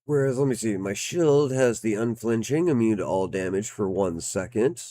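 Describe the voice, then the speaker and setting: A game reviewer playing on stream gives casual commentary in a fairly low, dark-toned voice with lively intonation at normal speed. He sounds slightly out of breath, swears now and then, and reads the game's text aloud.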